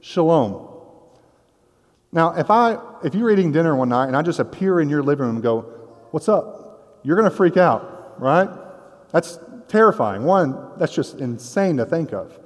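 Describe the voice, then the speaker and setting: A man's voice: a little high, expressive, normal speed. A man preaching a conversational sermon as a pastor, with casual joking asides. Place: church sanctuary. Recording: long hall reverb.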